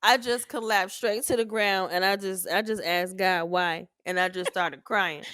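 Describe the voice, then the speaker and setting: Bright-voiced mom telling stories. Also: female voice, mid-range voice, a little slow, clean tone, dry recording, clean studio sound. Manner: animated storyteller, swearing, acting out her own reactions. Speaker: podcast co-host, mother. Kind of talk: casual family chat.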